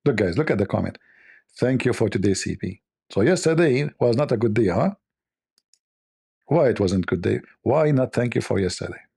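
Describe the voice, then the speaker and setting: Gravelly, mellow-voiced man teasing his chat. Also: mid-range voice, animated, normal speed. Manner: teasing, joking, mock-offended banter. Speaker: livestream host. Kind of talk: casual livestream chat with viewers.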